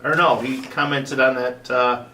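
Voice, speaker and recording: A man's voice: medium pitch, level tone, measured pace, sharp tone, a little hiss or hum. A man co-hosting a casual livestream, reading viewer comments with laid-back joking asides. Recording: roomy sound from a distant mic.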